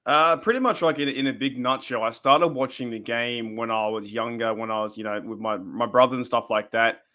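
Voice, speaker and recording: Australian male podcast guest, thirties, bright forceful tone, casual rambling chat. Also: mid-range voice, fairly even intonation, brisk.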